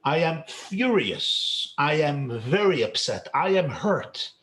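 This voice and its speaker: An upset, hurt congresswoman, as a man puts her on. She speaks in an aggrieved, emphatic way, in a voice that stays fairly high for a man. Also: big pitch swings, slow pace, a bit bright, heavily acted.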